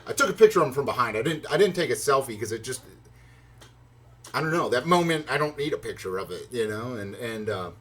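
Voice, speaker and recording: A man telling a long personal story in a casual, rambling way, full of fillers and restarts, acting out his own reactions. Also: breathy edge. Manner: excited, acts out his own reactions in higher pitch. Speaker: vlogger.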